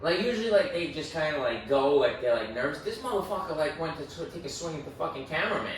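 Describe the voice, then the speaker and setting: A man with a fairly high voice spins crude anecdotes in casual podcast banter, tossing in fillers and swearing. He sits well away from the microphone in a very echoey room, with faint noise underneath. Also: lively intonation, fast talker, far from the mic. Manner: loose, profane storytelling with many fillers. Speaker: podcast co-host.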